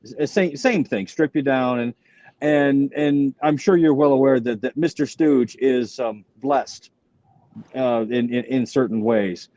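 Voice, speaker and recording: Older man, mellow voice, halting. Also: medium pitch, dry recording. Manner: rambling, halting retelling with many restarts. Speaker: stand-up comic guest. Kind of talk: casual anecdotal chat. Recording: dull, muffled sound.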